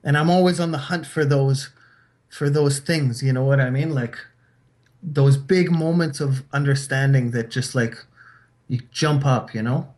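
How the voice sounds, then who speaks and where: A man's voice: medium pitch, unhurried, a little mellow. A man hosting a podcast, talking in a rambling, philosophical way and retelling fables to make his point. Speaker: podcast host. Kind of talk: casual chat.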